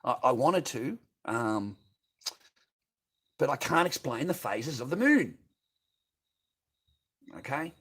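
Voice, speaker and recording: An Australian man chats loosely to his livestream audience at a middling pitch. He rambles and swears freely, piling up filler words as he goes. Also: lively intonation, takes it slowly, long pauses, fairly bright tone, breathy edge. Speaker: livestream host. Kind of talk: casual livestream chat, reading viewer comments.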